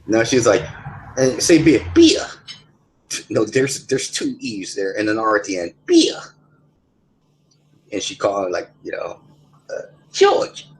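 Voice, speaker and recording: Low-voiced man rambling through stories. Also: normal speed, rough recording. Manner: rambling, swearing storyteller. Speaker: voice chat participant. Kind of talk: casual chat. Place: online voice chat lobby.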